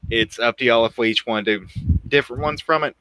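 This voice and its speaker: Man, podcast host, relaxed, bright tone, dry close sound. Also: medium pitch, fast talker, dry recording, poor audio. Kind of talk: casual chat.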